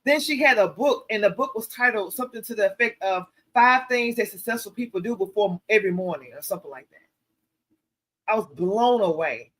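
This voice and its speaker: A woman hosting a casual livestream Q&A, telling stories in an animated, preachy way and calling her viewers y'all. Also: medium pitch, a little fast. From American South. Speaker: show host.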